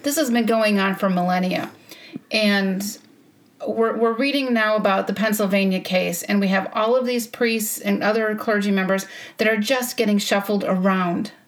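A woman host adds her own commentary to a guest's story. Her talk is earnest and deliberate, in the manner of a relaxed discussion. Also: medium pitch. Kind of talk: casual discussion.

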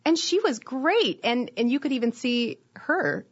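A woman with a Wisconsin accent chatting casually as a guest, playful and animated, laughing often. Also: fairly high pitch, a little slow, husky. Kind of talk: casual chat. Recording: dull, muffled audio.

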